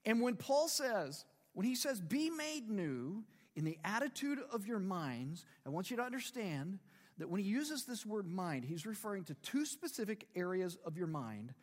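A man's voice: sits high, very animated, moderate pace, in a large hall. A man in his fifties preaching a sermon in a conversational way, with rhetorical questions and humor. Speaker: pastor.

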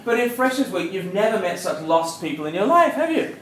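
A man's voice: high voice, big pitch swings, a little fast, a bit bright. A man with an Australian accent giving a jokey, conversational evangelistic talk, asking his audience questions. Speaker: preacher giving a campus talk. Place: university lecture hall. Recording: echoey hall with faint noise.

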